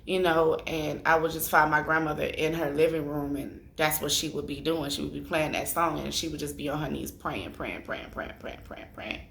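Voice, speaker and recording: Woman, thirties, deep gravelly voice, tearful personal vlog talk, echoey room. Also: flat delivery, a bit bright, a little hiss or hum. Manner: conversational, addresses viewers directly, drawn-out filler pauses. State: tearful after crying. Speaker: spiritual vlogger. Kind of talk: emotional personal storytelling.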